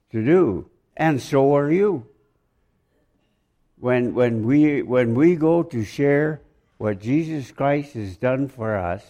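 Slow, lively-pitched male preacher. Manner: rambling, jokes and asks the congregation questions. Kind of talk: sermon.

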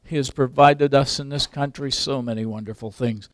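An older man preaching a sermon, swinging from loud emphatic peaks to quiet asides. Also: medium pitch, steady tone, moderate pace, dry recording, studio quality. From English background.

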